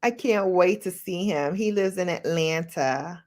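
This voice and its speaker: A middle-aged woman vlogger chatting casually with viewers, animated and laughing as she tells stories. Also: measured pace. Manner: animated, laughing, jumps into high-pitched quoted voices. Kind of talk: casual chat answering viewer questions.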